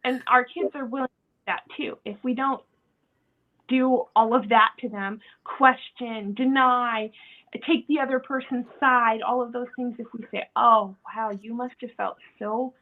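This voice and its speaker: A woman with a high, light voice talks in casual podcast chat, slipping into acted-out quotes with frequent laughter. The sound is thin and tinny, like a phone line. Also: fairly even intonation, unhurried. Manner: acts out quoted dialogue, laughing often. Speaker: podcast host.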